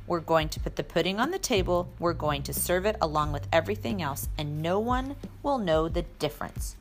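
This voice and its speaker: Woman reading as a calm, easygoing dad. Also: lowish voice, soft background music, close to an everyday voice. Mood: reassuring. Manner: unhurried, soothing and reassuring. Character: calm, easygoing, good-humored father. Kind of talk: storybook reading.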